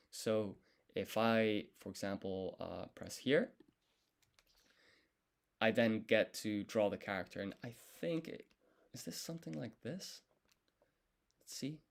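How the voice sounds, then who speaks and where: A man studying on a live stream, thinking aloud and correcting himself as he works through each character in a relaxed, casual way. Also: lowish voice. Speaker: language learner streaming his study.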